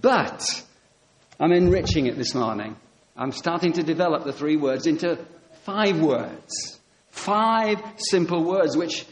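On a low-quality recording, a fairly high-voiced man delivers a sermon full of animated stories, quoting dialogue and repeating key phrases to drive points home.

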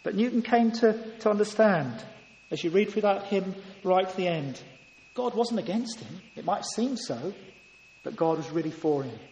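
A man's voice: high-pitched, expressive, normal speed, a little mellow, slight background noise. A man preaching a sermon in church, earnest and full of rhetorical questions. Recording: echoey hall, heard from a distance.

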